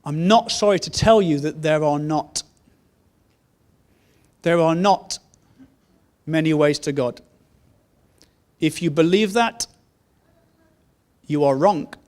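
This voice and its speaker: A man's voice: a little high, slow pace, long pauses, a little mellow. A man preaching a sermon, telling a story in an earnest way and repeating key phrases. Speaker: pastor.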